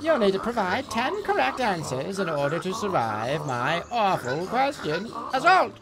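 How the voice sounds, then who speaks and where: A man's voice: sits high, very animated, normal speed, over loud music. A man hamming up a grandiose quizmaster. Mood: mock grand.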